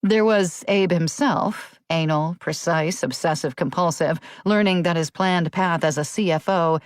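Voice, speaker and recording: A woman narrating a crime thriller audiobook in a steady, measured read. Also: on the low side, no room sound, studio quality.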